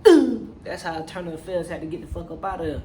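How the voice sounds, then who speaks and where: A movie reviewer giving a casual, animated recap, profane and slang-heavy, with constant check-ins to the audience. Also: mid-range voice, fast, a little hiss or hum.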